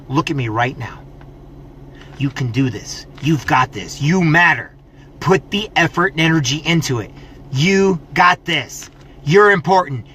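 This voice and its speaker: A man's voice: high-pitched, sharp tone, slight background noise. A middle-aged man giving a preachy, scolding motivational pep talk, mocking people's excuses. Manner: preachy, scolding, mocks excuses in whiny voices. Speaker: motivational vlogger.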